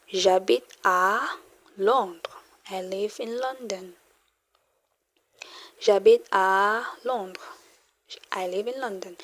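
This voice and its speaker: A woman teaching a French lesson in English, repeating each phrase slowly and translating it, often checking in with "okay?". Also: medium pitch, no echo. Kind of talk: slow spoken language lesson.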